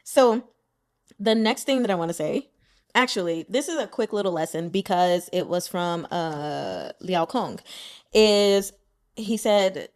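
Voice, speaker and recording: A woman's voice: mid-range voice, animated, a little slow, a little mellow. A woman audiobook reader giving casual commentary on the chapters she has read, chatty and playful, laughing often and speaking directly to the characters. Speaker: web novel audiobook reader.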